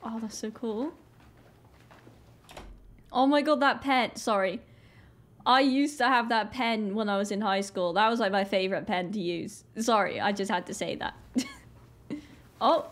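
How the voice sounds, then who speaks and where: A young British woman with a British accent, hosting a casual reaction vlog, chatty and excitable with many "like" fillers. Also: mid-range voice, a little slow, long pauses. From Britain. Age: young adult. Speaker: reaction video host. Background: faint music video playing.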